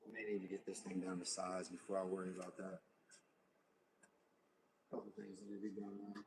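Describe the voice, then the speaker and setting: A man hosting a live crafting stream from his workshop, thinking aloud in an unhurried way and muttering to himself as he works. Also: sits low, flat delivery, noisy background. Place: home workshop.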